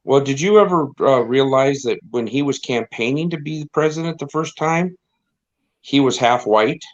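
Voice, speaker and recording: A man's voice: mid-range voice, moderate pace. A middle-aged man chatting on a live stream, rambling and wry and often repeating himself. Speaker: stream co-host. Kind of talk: casual chat on a live stream. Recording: slightly dull lo-fi stream audio.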